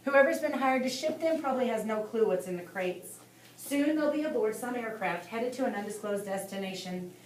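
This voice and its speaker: Brief: female audiobook narrator, steady dramatic reading, echoey room. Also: fairly high pitch, fairly quick. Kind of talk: scripted narration. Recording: echoey room, distant mic, faint hiss.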